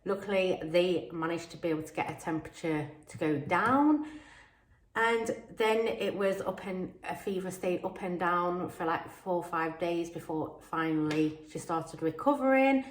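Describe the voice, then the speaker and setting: A woman from Australia talks casually to her camera about budgeting, her voice croaky from illness and pitched a little low. She rambles with plenty of fillers. The sound bounces around an echoey room. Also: normal speed. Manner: chatty and rambling, many fillers. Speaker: budgeting vlogger.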